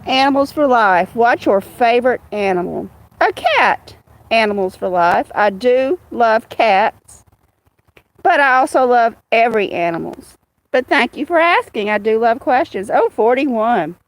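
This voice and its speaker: A woman hosting a casual livestream outdoors, greeting viewers by name in a slow, chatty way. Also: fairly high pitch, animated, dry recording. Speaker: livestream host. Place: outdoors with cats.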